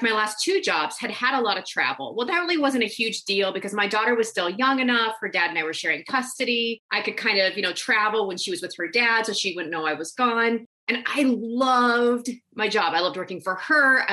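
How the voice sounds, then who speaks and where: A woman's voice: medium pitch, sharp tone. A woman in her thirties, a life coach, telling a personal story in a casual interview and acting out the voices of the people in it.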